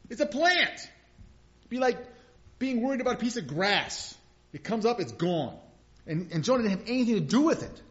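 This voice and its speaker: Male pastor, slightly high voice, folksy preaching that swells to emphatic peaks, dull lo-fi recording. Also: very animated, moderate pace. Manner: conversational preaching, rising to emphatic bursts, chuckles often. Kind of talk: sermon. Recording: dull lo-fi sound.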